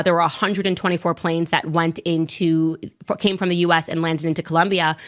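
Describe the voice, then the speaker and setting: A woman's voice: fairly low pitch, a bit bright. A woman hosting a commentary podcast, talking casually and sarcastically with lots of filler words. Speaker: podcast host. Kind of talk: political commentary.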